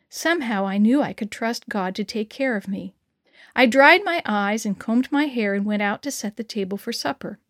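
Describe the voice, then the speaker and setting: Woman storyteller, children's story reading, gentle tone, fairly high voice, dry close sound. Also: dry recording. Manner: gentle, warmly addressing children.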